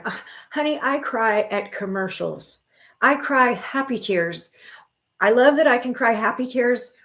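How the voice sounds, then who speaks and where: Her voice mid-range and fairly bright, a middle-aged woman gives spiritual readings over a live stream. She keeps things chatty and casual, stumbling into restarts and fillers while calling viewers honey and sweetheart to reassure them.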